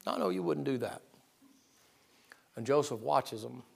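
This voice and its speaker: A man's voice: medium pitch, lively intonation, a little slow, vocal fry, darkish tone, breathy edge. A man preaching a sermon, telling stories in a folksy, emphatic, self-deprecating way.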